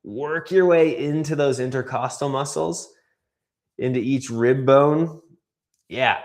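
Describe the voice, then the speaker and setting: A man coaching a guided breathwork class, calmly cueing breaths and counting down holds. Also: medium pitch. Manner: calm, counts down and cues breaths.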